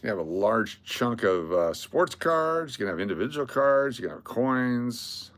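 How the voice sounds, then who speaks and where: A man's voice: medium pitch, animated, a little slow, a bit bright, dry recording. An older man hosting a casual livestream, rattling off lists of cards and chatting to viewers. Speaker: livestream host.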